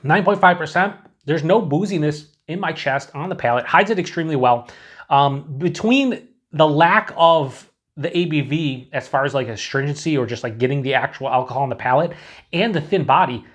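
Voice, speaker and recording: A man's voice: fairly high pitch, moderate pace, a bit bright. A man casually reviewing beer for his channel, chatty and rambling, with frequent swearing and filler words. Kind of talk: casual tasting review to camera.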